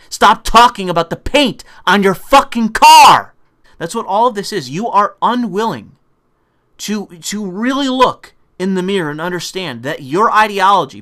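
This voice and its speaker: In a bright, forceful, high-sitting voice, this man rants angrily about politics, swearing freely. He's sarcastic and combative, and he mimics opponents with mocking put-on voices.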